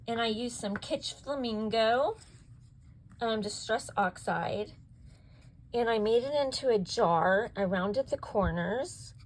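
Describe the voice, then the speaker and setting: A woman's voice: fairly high pitch, slight background noise, rough recording. A woman hosting a craft video, walking through her projects step by step and gushing over how cute each one turned out. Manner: gushing, keeps asking if it's cute. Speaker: craft channel host. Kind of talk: craft project show-and-tell.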